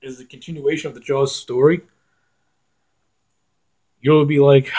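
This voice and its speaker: Guy ranting bout a movie, curses a lot, keeps restarting, mid pitched voice. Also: fairly even intonation, moderate pace, slightly rough. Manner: blunt and profane, with restarts. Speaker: film reviewer. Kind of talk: casual film review rant.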